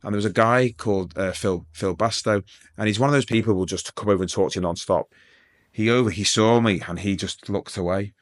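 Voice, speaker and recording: A middle-aged man from England with a deep, low voice tells his story at a rapid clip. He rambles, restarts his sentences, and drops jokes into serious moments. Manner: rambling, self-interrupting, joking. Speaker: guest. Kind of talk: storytelling interview.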